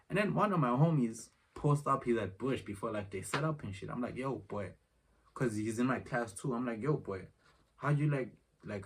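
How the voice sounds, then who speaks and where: Young man, very low voice, slangy rambling vlog story, phone mic set back from him, faint background noise. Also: gravelly, far from the mic. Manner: rambling, slangy, retells exchanges in dialogue. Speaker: vlogger. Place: room at home. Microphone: phone camera.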